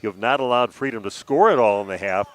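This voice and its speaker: A man with a lowish voice calls a high school basketball game play by play. He is brisk and steady and drops in the odd "uh". Faint gym noise sits behind him. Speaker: play-by-play announcer. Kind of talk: live basketball commentary.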